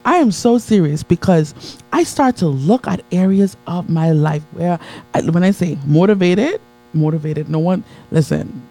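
A man preaching a motivational sermon to a live audience, building with repetition and call-and-response, swinging from soft low asides to high excited peaks. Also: normal speed, faint music behind, low-quality recording. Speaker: motivational speaker.

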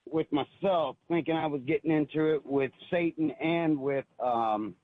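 A man's voice: on the high side, moderate pace, slight background noise. A man calling in to a radio show, telling an earnest, emotional personal story and often repeating himself, heard over a phone line. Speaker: caller. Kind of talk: call-in radio testimony.

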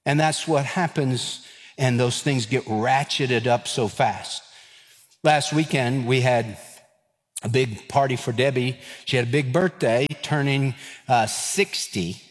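A pastor in his 50s preaches a sermon, spinning a folksy story and acting out the voices of its characters. His voice is medium-pitched and slow, carrying the sound of a big room.

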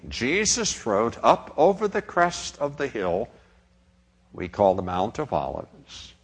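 A man preaching a sermon, dramatic in delivery and dropping to a hush on quoted words. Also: on the high side, slightly rough.

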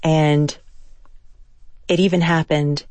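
Interviewer at a mid pitch, measured and reflective, dry close recording. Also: little pitch movement, darkish tone, dry recording. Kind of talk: interview questions.

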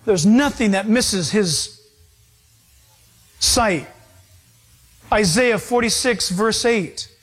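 A man preaching a sermon to his congregation, emphatic and slowing down to stress his points. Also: high voice, a bit bright. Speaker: pastor.

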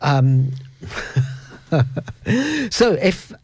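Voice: medium pitch, lively intonation, drawn-out words, a little mellow, no room sound. A radio host in casual chat, rambling and giggling through stories.

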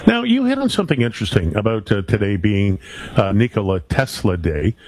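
A man's voice: lowish voice, big pitch swings, a little fast, darkish tone, a little hiss or hum, rough recording. A man hosting a radio talk show, asking curious questions of a guest. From Canada. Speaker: radio host. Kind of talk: radio interview.

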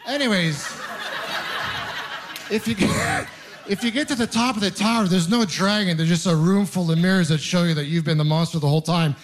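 Young guy doing stand-up on stage, tells stories and plays both sides of the chat, kinda high voice. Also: brisk. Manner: animated storytelling, acts out both sides of dialogues. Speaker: stand-up comedian. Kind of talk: stand-up comedy set. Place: comedy stage with a live audience.

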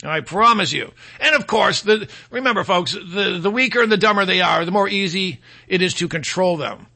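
An animated, high voice with a gravelly, pushed, bright sound marks this radio talk show host, who speaks at normal speed. He launches into a combative, mocking opinion monologue, voicing his opponents' words in imitation.

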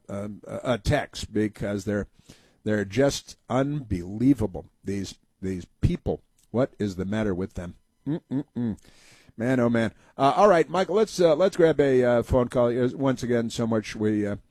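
A man's voice: medium pitch, a little mellow, dry recording. A man hosting a talk radio show, delivering sarcastic, mocking commentary full of "uh" fillers.

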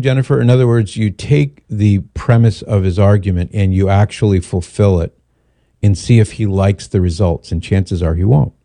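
A middle-aged man hosts a call-in radio show, walking a caller through an argument with pointed rhetorical questions. His voice sits low and mellow. The studio sound is dry and close. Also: vocal fry, dry recording. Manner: coaching, rhetorical, acts out quoted dialogue. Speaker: radio talk show host. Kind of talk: call-in advice on faith. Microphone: studio microphone.

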